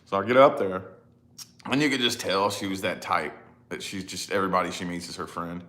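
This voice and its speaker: A man's voice: low-pitched, steady tone, fairly quick, pushed and bright. A man in his thirties chatting casually to camera, rambling and laughing at himself, with lots of "you know?". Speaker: vlogger, father.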